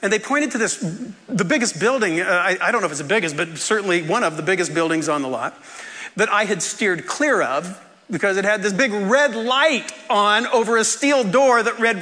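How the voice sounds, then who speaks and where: A man telling a personal story in a sermon, animated and often laughing as he acts out the people in it. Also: high voice, moderate pace, in a large hall. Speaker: preacher.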